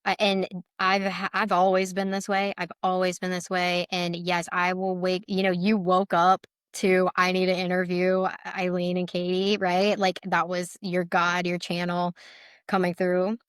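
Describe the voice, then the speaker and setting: Woman, interview guest, earnest and emotional, smooth resonant voice, slightly low, dry close sound. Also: monotone, unhurried, no echo. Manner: earnest, emotional, heavy use of "like". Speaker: guest, letter board practitioner. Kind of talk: casual interview conversation.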